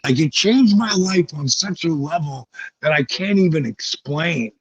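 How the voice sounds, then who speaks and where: A man being interviewed, telling lively, profane stories and acting out the voices of the people in them. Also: fairly high pitch, a little slow, crowd noise. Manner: vivid, profane storytelling that acts out quoted voices. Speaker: guest, former pro wrestler. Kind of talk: animated storytelling interview. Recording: dull lo-fi recording.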